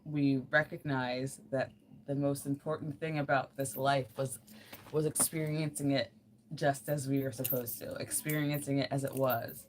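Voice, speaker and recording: A woman's voice: rumbling low, level tone, normal speed, slight background noise. A woman livestreaming while crafting, chatting casually in an earnest, rambling way with lots of fillers.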